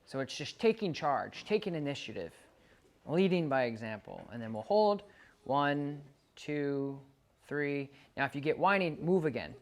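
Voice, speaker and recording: A man working as a dog trainer, calmly coaching a client through exercises and counting out the timing. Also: on the high side, a little slow. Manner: calm, coaching, counts out loud. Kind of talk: instructing a client during training.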